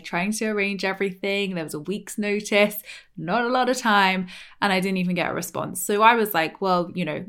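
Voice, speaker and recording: Chatty woman podcast host, low voice. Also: fairly bright tone. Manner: chatty, emphatic, many "like" and "you know" fillers. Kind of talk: solo podcast monologue.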